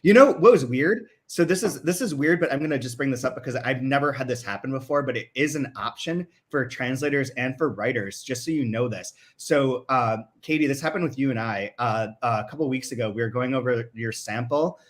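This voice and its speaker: A man's voice: mid-range voice, a little fast, hardly any pauses. Chatty man in a casual book talk. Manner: loose and chatty, many likes and restarts. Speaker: podcast host.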